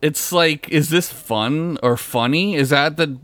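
A man's voice: fairly high pitch, a little slow, a bit bright, no echo. A man co-hosting a casual podcast, joking crudely and laughing a lot. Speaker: podcast co-host. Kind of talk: casual chat.

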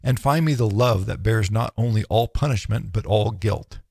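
Gravelly low-voiced male narrator, solemn. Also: darkish tone, no echo, studio quality. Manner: measured, solemn declamation. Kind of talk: audiobook reading of philosophy.

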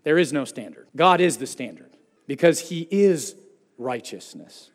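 A man preaching a sermon with a slightly raised voice, heard in a church hall with a long reverb. His delivery is earnest and emphatic. He climbs on key words and sinks low and soft at the end of each point. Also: animated, a little slow. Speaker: pastor.

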